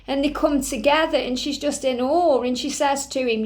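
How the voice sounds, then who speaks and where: A woman with a high voice talks through a spiritual reading. Her delivery is earnest and reassuring, and she keeps checking in with the listener through small asides. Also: normal speed, few pauses. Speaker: spiritual reader.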